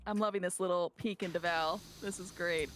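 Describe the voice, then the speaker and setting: A man's voice: high voice, fairly even intonation, a little fast, a bit bright, soft background music. A man joining a gaming stream as a guest, teasing the host and laughing along. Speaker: guest co-player. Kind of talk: casual gaming-stream chat.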